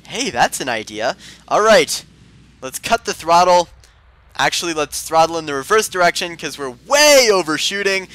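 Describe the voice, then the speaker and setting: High-strung man narrating his gameplay. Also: bright, forceful tone, dry recording, poor audio. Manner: playful affected voice. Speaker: gameplay video host. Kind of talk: game commentary.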